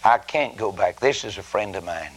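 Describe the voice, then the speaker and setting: A man's voice: on the low side, animated, normal speed, poor audio. A man preaching acts out a desperate man pleading with a friend for bread, insistent and pleading.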